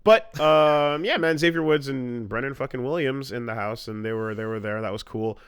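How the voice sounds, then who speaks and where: A man's voice: mid-range voice, moderate pace, smooth, no echo, clean studio sound. A Canadian man in his thirties co-hosting a podcast in casual chat, rambling with restarts and frequent swearing. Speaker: podcast co-host.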